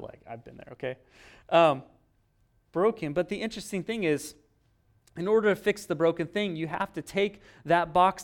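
A man preaching a sermon in a conversational, self-deprecating way, acting out little dialogues. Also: on the high side. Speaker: pastor.

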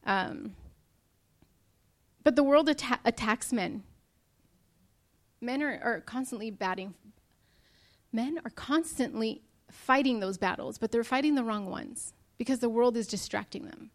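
A young woman gives a sermon to her church congregation, earnest and openly emotional. Her voice sits a little high for a woman, and she speaks straight to the room. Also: measured pace, long pauses.

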